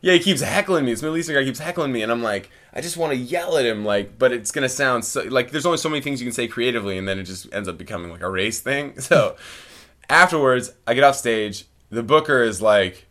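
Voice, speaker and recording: A man, a stand-up comic, chatting casually and telling animated stories, acting out quotes and laughing often. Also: mid-range voice, fast talker. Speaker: stand-up comedian guest. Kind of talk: casual chat, storytelling.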